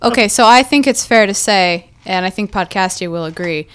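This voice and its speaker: A woman's voice: mid-range voice, moderate pace, clean tone. A woman hosting a podcast, playfully running a word quiz with her guests. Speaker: podcast host. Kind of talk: casual chat.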